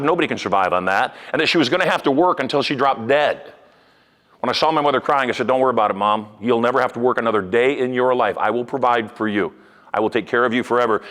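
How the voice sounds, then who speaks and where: A man giving a live motivational talk to a room of sales agents, telling stories in an animated way with sudden loud bursts. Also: medium pitch. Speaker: motivational speaker. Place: large event hall. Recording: long hall reverb.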